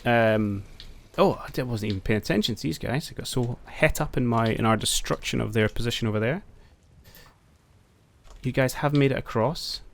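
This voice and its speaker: A man's voice: mid-range voice, normal speed, vocal fry. A man commentating his own strategy game, thinking aloud and talking to his units. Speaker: gameplay commentator. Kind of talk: casual let's-play commentary.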